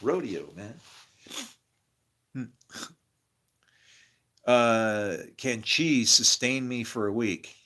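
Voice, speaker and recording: A middle-aged man telling rambling stories in a profane, excitable way, breaking into preachy outbursts. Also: mid-range voice, drawn-out words, long pauses. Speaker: guest. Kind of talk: rambling storytelling monologue.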